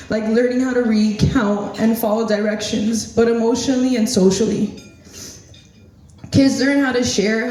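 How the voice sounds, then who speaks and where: A woman's voice: mid-range voice, dark tone. Woman giving a tearful speech in an echoey hall. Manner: tearful, laughing nervously, earnest. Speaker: former student giving a speech. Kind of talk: emotional tribute speech, partly read. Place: hotel banquet hall. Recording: very echoey hall, voice picked up from far off.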